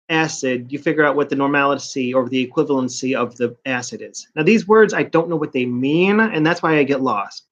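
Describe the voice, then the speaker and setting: A man talking in a casual rambling vlog, a college student ranting about his day in a profane, self-mocking way. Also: fairly high pitch. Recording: slightly muffled lo-fi audio.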